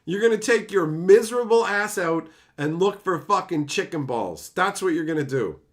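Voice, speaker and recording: A man ranting at chat, pitch leaping high. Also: expressive, moderate pace. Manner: profane, exasperated ranting at chat. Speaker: streamer reading chat. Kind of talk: casual live-stream chat.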